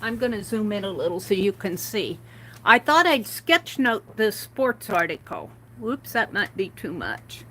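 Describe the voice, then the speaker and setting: A woman's voice: mid-range voice, animated, a little slow, fairly bright tone, a little hiss or hum, rough recording. A woman hosting a casual art livestream, chatting and reading quotes aloud with amused comments. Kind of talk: casual craft livestream chat.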